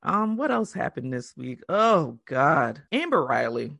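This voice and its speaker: A woman co-hosting a podcast, chatting casually and telling stories in an animated, profane way, acting out the quotes. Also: sits low, a little slow, vocal fry, husky, no echo, studio quality. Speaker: podcast co-host. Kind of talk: casual chat.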